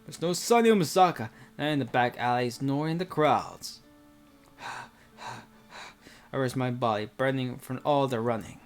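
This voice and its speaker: Rambling man reading a visual novel. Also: mid-range voice. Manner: rambling, full of fillers. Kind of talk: reading a visual novel aloud with casual commentary.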